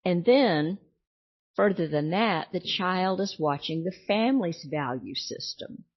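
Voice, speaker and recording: A woman's voice: lowish voice, lively intonation, a little slow. A woman teaching a class, explaining her points over and over and asking rhetorical questions, in a dull lo-fi recording. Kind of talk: teaching talk.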